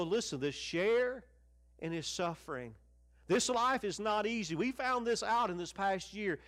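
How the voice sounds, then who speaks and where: Fervent high-voiced man preaching a sermon. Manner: fervent preaching with wide swings in pitch and loudness, dropping to near-hushed lines. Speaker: pastor. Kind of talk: televised sermon.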